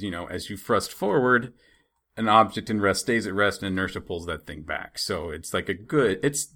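A man's voice: low-pitched, sharp tone. A man co-hosting a casual podcast chat, telling funny stories and laughing often. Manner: joking, storytelling, laughs often.

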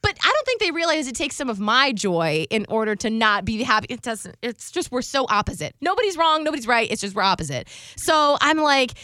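A woman's voice: fairly high pitch, a little fast, hardly any pauses, no echo, studio quality. A woman in her thirties, a radio host telling a story in casual on-air chat, acting out each person's lines as she goes. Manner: animated storytelling, acting out dialogue.

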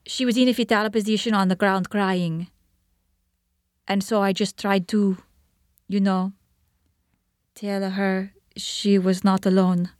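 A young woman testifying as a witness in court, answering in a halting, hesitant way. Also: medium pitch, a little mellow, no room sound, clean studio sound. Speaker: trial witness.

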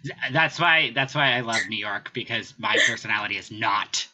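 A man chatting casually as a podcast guest, blunt and quick with swearing asides. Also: lowish voice, noisy background.

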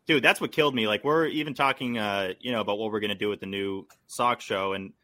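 Bright-voiced man, rambling podcast guest. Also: on the low side, fast talker. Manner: rambling, many likes and restarts, laughs often. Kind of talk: casual podcast chat.

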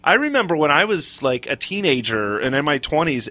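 A man's voice: a little high, sing-song, fast, few pauses, pushed and bright. A man with a Southern US accent co-hosting a podcast, explaining terms and reading out definitions. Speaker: podcast co-host. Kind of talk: casual chat.

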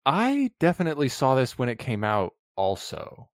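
A man's voice: medium pitch, wildly swooping pitch, normal speed, no echo, studio quality. A man in his thirties co-hosting a movie podcast, chatting casually and animatedly. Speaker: podcast co-host. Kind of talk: casual chat.

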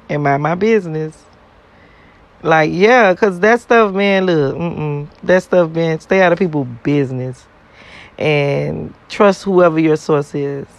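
A man's voice: fairly high pitch, vocal fry. A man in a casual, blunt, profane rant to his viewers, repeating himself and laughing between points. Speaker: vlogger.

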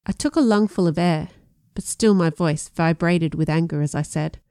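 A woman narrating a first-person audiobook in a measured storytelling way, with lively voiced dialogue. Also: on the low side, clear, resonant tone, no room sound, studio quality.

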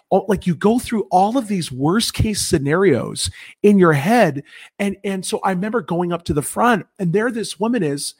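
High, husky-voiced man giving testimony. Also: animated. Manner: earnest, emphatic preaching tone with rapid self-corrections. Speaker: guest speaker. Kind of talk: testimony on a Christian broadcast.

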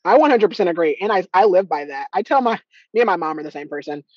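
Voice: mid-range voice, animated, fast talker, slightly rough, dry recording, dull audio. Frank, agreeable podcast host, dry audio. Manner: agreeable, frank, self-mocking with laughs. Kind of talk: casual podcast conversation.

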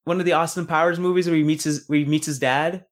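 A man's voice: on the high side, steady tone, fast talker. A man co-hosting a casual chat about films, rambling and searching for words. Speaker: podcast co-host.

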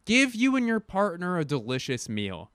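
A young man delivering a rambling, profane, self-deprecating comic monologue, stumbling over restarts and jumping into sudden loud bursts. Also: high-pitched, wildly swooping pitch, normal speed, smooth, dry recording, studio quality. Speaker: comedian. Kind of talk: stand-up style comic monologue.

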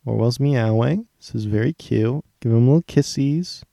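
Gravelly young man recapping a show. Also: medium pitch, normal speed, warm tone, no room sound, clean studio sound. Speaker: podcast co-host. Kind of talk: casual episode recap chat.

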